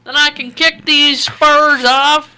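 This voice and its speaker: A woman's voice: high voice, fairly even intonation, takes it slowly, sharp tone, a little hiss or hum, heavily acted, low-quality recording. A woman on the radio putting on a playful Old West cowgirl drawl and calling everyone partner. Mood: teasing. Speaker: radio co-host. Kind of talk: put-on Western accent on a radio show.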